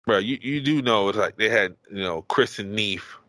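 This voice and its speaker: Low, bright-voiced joking man. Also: moderate pace, no echo, poor audio. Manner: teasing, laid-back, joking. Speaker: podcast co-host. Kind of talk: casual hip-hop podcast banter.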